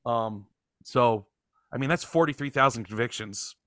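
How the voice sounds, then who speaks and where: Bright, crisp-voiced man chatting. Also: mid-range voice, normal speed, dry recording, studio quality. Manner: profane and joking. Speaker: podcast host. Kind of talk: casual chat.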